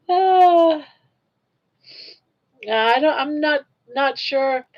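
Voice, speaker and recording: A woman's voice: a little high, muffled recording. An older woman hosting her own live stream, chatting casually and reacting aloud to viewer comments. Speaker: livestream host.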